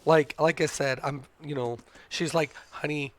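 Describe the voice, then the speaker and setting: Blunt, animated middle-aged man telling a story. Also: fairly high pitch, measured pace. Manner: animated, blunt, swears freely, retells scenes with "I'm like". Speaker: streamer and father. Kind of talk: casual storytelling to a stream.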